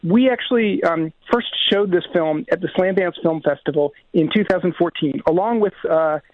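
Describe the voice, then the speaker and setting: A filmmaker speaks over a tinny phone line during a radio interview. He explains things earnestly and fluently. His voice sits high for a man and sounds dry. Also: moderate pace, no room sound. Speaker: guest filmmaker.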